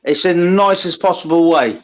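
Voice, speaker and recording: A man's voice: a little high, fairly quick. A man on a livestream call, teasing the host with cheeky banter. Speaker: caller on livestream. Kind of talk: casual chat.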